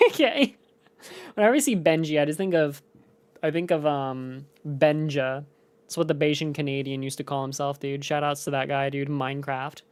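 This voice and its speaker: Low-voiced casual woman streamer. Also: fairly even intonation, moderate pace, clear, resonant tone. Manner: casual, laughs often, talks to chat. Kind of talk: gaming stream chat.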